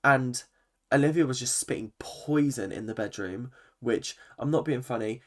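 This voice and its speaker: A man talks straight into his own channel, recapping the latest reality TV episode in a loose, ranting way. He is opinionated and animated, swears freely and jumps between asides, and his voice sits at an ordinary middle pitch for a man. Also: normal speed. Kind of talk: ranting reaction commentary.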